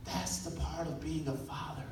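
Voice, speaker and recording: A man giving a motivational talk, telling a story with lively delivery and acting out the people in it. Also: a little high, normal speed, heavy reverb, recorded from a distance, noisy background. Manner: animated storytelling, acting out voices. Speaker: motivational speaker.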